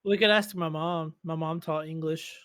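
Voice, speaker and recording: Southern male host, high voice, animated storyteller, dry close mic. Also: normal speed, smooth, dry recording. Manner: animated storyteller, swearing freely. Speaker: podcast host. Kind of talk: casual chat.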